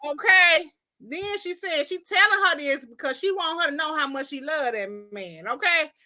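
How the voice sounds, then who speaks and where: A woman's voice: high-pitched, lively intonation, moderate pace, sharp tone, faint music behind. A woman hosting a podcast in casual chat, telling a story animatedly and reading quotes aloud with drama. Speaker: podcast host.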